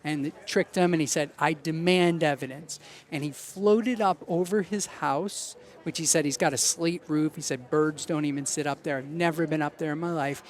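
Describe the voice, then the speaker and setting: A man's voice: fairly high pitch, normal speed, few pauses. A man as a podcast guest, casually telling anecdotes and acting out the voices of the people in them. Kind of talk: casual storytelling.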